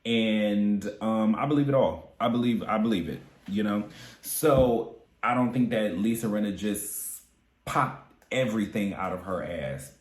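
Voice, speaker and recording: A man's voice: on the low side, measured pace, roomy sound. A man giving casual, sassy recap commentary on a reality show, chatty and candid with frequent asides.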